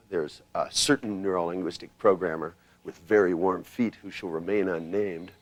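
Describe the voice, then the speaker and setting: A low-pitched man teaches a live hypnosis workshop in an emphatic, commanding way, pushing his voice up and down to show how commands should sound. His delivery is blunt and casual, with the odd swear word. The sound is close and dry. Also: no echo. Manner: emphatic, commanding, swings pitch and loudness to demonstrate. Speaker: hypnosis trainer.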